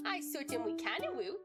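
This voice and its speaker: Bubbly woman streamer, high and lively, unhurried delivery, music bed. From Tasmania, Australia. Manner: giggly, bubbly, greets chat by name. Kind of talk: casual live-stream chat while drawing.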